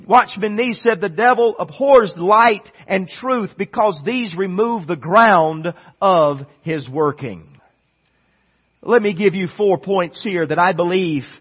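High, husky-voiced preacher on a dull recording. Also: male voice. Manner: preaching with swings between loud emphatic lines and quiet near-murmured passages. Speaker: pastor. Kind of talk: sermon.

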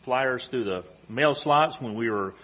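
A man giving an earnest, halting church testimony and quoting scripture. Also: medium pitch, lo-fi sound. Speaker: mission trip team member giving testimony. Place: church service.

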